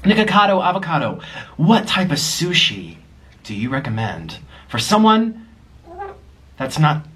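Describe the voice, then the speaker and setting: A man's voice: fairly high pitch, big pitch swings, measured pace, long pauses, a bit bright. A young man chatting casually as he eats on camera, gushing and cooing at his pets in baby talk. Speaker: vlogger. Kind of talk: casual mukbang chat.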